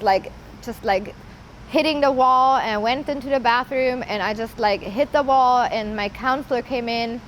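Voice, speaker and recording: A woman telling her personal story in an earnest, halting way, often pausing with casual fillers. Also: a little high, a bit bright, a little hiss or hum, poor audio. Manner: earnest, halting, with many "like" and "you know" fillers. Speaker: interviewee sharing her story. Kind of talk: personal testimony.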